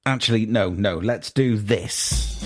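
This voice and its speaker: A man's voice: lowish voice, slow pace. A man hosting a radio podcast, chatting casually and reading out listener messages with frequent fillers. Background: music bed.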